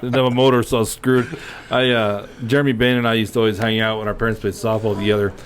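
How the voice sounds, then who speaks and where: A man's voice: lowish voice, level tone, fast, slight background noise. A man co-hosting a podcast, chatting casually and often laughing as he jokes. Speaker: podcast co-host. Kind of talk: casual chat.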